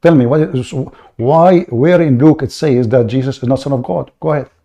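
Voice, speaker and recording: A man's voice: mid-range voice, warm tone. Mocking, insistent man debating. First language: Arabic. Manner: mocking, insistent, repeats words rapidly. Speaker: debate host. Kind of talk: heated live debate.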